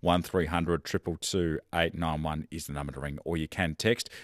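A man's voice: a bass voice, steady tone, normal speed, no room sound, studio quality. An Australian man around forty hosting live talkback radio in an easygoing, chatty way. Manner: easygoing, chatty, laughs along with callers. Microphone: studio microphone.

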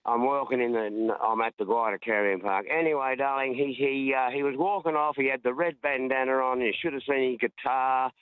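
A man's voice: mid-range voice, steady tone, fairly quick, hardly any pauses, smooth, no room sound. Enthusiastic Australian man on a tinny phone line. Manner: rambling, enthusiastic, colloquial. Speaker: caller. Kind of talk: telling a story on a phone-in.

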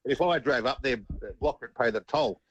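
A man's voice: mid-range voice, fairly quick, no room sound, muffled recording. A middle-aged man with an Australian accent, a former footballer telling stories in an interview, chuckling and repeating words as he goes. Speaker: interview guest, former rugby league player. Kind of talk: casual storytelling interview.

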